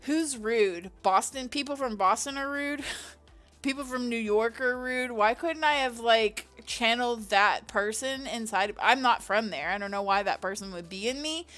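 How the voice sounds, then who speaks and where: A woman's voice: a little high, normal speed, fairly bright tone, soft background music. A woman in her thirties chatting on a livestream, rambling and profane with frequent laughter. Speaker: livestream host. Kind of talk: casual livestream chat.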